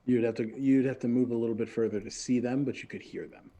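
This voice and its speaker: A man narrating as game master in a relaxed way, often pausing with fillers. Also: medium pitch, a little hiss or hum.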